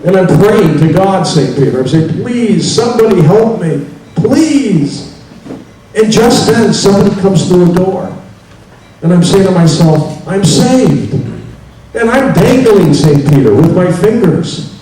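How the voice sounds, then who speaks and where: A man doing a frantic, high-pitched joke victim. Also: lively intonation, measured pace, dark tone. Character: panicked man dangling from a ledge. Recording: echoey hall from far off, faint hiss.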